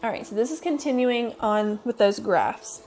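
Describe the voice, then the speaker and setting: A woman's voice: fairly high pitch, animated, moderate pace, darkish tone, faint music behind. A woman math teacher casually explaining a lesson step by step over a screen recording, patient and full of fillers.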